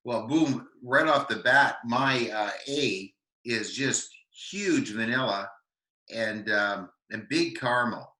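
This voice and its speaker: Canadian dude gushing over whisky, bright sharp voice, lots of ums, roomy echo. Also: male voice, mid-range voice. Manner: enthusiastic, halting with many fillers. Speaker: co-host of a whisky tasting show. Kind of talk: casual tasting chat.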